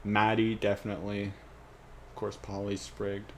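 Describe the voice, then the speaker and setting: A man's voice: on the low side, monotone, normal speed, heavy background noise. A man rambling and joking to himself as he thinks aloud, working out a fan script. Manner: rambling, self-joking, trailing off.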